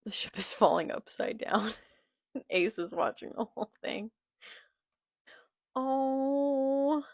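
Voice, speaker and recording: Shot on a phone in portrait, this casual manga reaction video has a young woman reading dialogue aloud and then commenting. She takes it slowly in a high voice with lively intonation and a darkish tone, on a dry recording.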